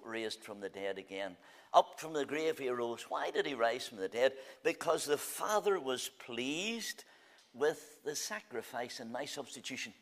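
A man delivers a sermon to a church meeting with real fervour. His voice sits a little high, and it rises to loud declarations before dropping to quiet, drawn-out phrases. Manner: fervent, rising and falling, drawn-out phrases. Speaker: preacher.

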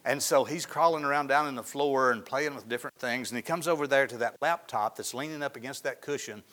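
A man preaching a sermon in a folksy storytelling way, often dropping to soft, hushed tones. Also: mid-range voice, fast talker. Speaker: pastor.

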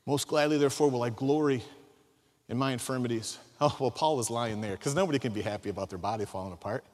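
A man preaching a sermon, emphatic, swinging from soft asides to loud acted-out quotes. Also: mid-range voice, quick pace. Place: large hall. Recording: long hall reverb.

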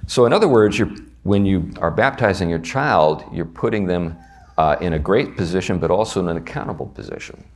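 Deep-voiced Southern man teaching a Bible class. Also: fairly quick. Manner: conversational, animated, asks the class questions. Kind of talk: teaching a class on a confession of faith.

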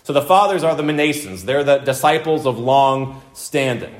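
A pastor with a mid-range, animated voice preaches an expository sermon at a moderate pace. He is emphatic, driving his points home by repeating them and asking the congregation questions.

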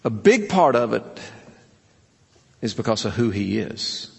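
A man's voice: lowish voice, big pitch swings, measured pace, gravelly, a little mellow, husky, big-room sound. A man preaching a sermon in an earnest, urging way, telling stories to make his point. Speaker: pastor.

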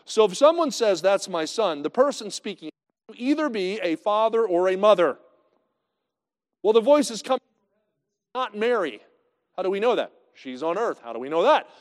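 A man's voice: high voice, very animated, normal speed, pauses often. Baptist preacher man in a reverberant hall. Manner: conversational, swings from loud to hushed. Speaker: pastor. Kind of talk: sermon.

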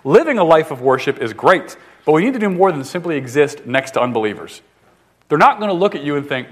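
A man in his thirties, a pastor preaching in a quick, chatty way, tripping over his words and restarting as he goes. His voice sits a little high for a man, and his delivery stays loose and joking. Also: sing-song. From northern United States. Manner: fast-talking, conversational, jokey, with frequent restarts. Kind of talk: sermon.

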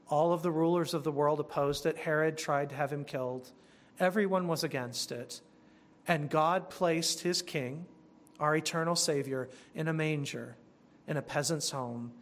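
A man preaching a sermon earnestly, slowing down to stress key words and rushing through asides. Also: fairly high pitch. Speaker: pastor.

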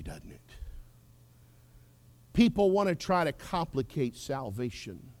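A male preacher delivering an impassioned sermon, swinging from loud declarations to hushed whispers. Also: medium pitch, wildly swooping pitch, slow, long pauses.

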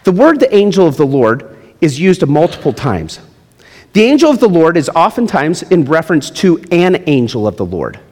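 Animated middle-aged male preacher in a reverberant hall. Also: moderate pace. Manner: animated preaching, swinging between loud high emphasis and low quiet drops. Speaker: pastor. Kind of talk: sermon.

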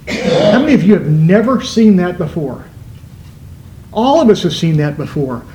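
A man preaching a sermon as pastor, stressing words with emphatic shifts in pitch. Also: very animated, a little slow, echoey room, poor audio.

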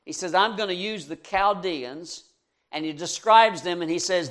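A man with a notably high voice delivers a sermon. He talks earnestly, puts questions straight to his listeners, and moves between loud, pressing emphasis and soft, low asides. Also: normal speed. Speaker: preacher.

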